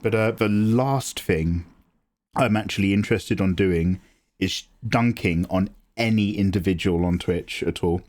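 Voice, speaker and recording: On a casual live drawing stream, a man in his forties chats unhurriedly from a desk mic with no camera, animated, self-deprecating and swearing freely. He mocks others in squeaky high voices, and he's emotional, tearing up.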